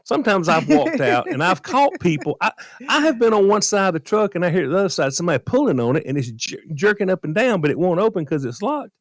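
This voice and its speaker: A man's voice: high-pitched, fast, no echo, studio quality. A man telling a story in a casual radio podcast chat and acting out the voices of the people in it. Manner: animated storyteller, acts out quoted voices. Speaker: guest storyteller, former beer truck driver.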